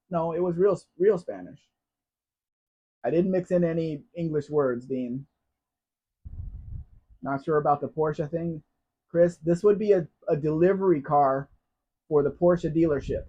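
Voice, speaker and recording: A man's voice: on the high side, dark tone, breathy edge. An American man hosting a casual live Q&A, chatting and reading viewer comments aloud. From United States. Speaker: live stream host. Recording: dull lo-fi sound.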